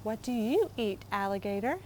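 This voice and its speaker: A woman voicing a boastful little male frog in a children's storybook reading, loud and proud, with pitch leaps. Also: lively intonation, moderate pace, a little hiss or hum, natural voice. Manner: brags loudly, then squeaks in small-mouthed alarm.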